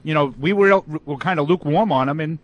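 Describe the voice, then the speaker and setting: Male co-host, high voice, teasing, sits back from the mic. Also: fast talker. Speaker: radio co-host. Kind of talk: sports radio talk.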